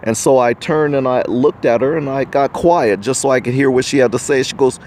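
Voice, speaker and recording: A man's voice: medium pitch, brisk, a little mellow, a little hiss or hum. An American man hosting a podcast, giving a preachy, indignant opinion monologue to the viewer. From United States. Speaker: podcast host.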